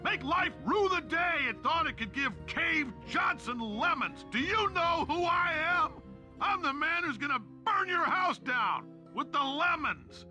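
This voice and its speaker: A man doing an impression of a brash, bombastic tycoon who rants and shouts angrily at life. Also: very high-pitched, sing-song, unhurried, soft background music, voice pushed up, exaggerated voice. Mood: ranting. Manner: ranting, shouting bluster.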